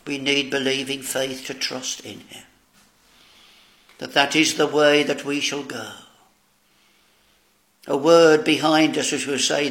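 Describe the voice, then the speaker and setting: A medium-pitched, slightly bright male voice delivers a grave, unhurried sermon. He speaks to his "dear friends" and draws on scripture worded in archaic language.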